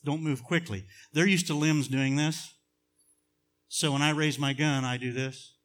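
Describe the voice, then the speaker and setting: A middle-aged man preaching a sermon, telling a personal story in a hushed voice, then building to loud, emphatic preaching. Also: on the high side, fairly even intonation, a little slow. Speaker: pastor.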